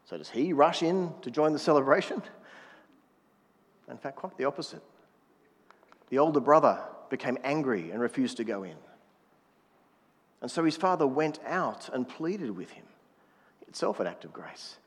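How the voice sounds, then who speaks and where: A man's voice: mid-range voice, animated, normal speed, long pauses, slightly rough, in a large hall. A man preaching a sermon in a conversational manner, prodding the congregation to answer back. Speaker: pastor.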